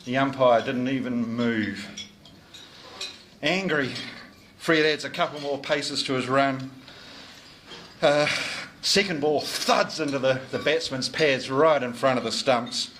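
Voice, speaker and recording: A man's voice: medium pitch, takes it slowly, a bit bright, a little hiss or hum. A middle-aged man, giving a jovial, teasing after-dinner speech as club sergeant at a lunch. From New Zealand. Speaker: club sergeant collecting fines. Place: dining room at a club lunch.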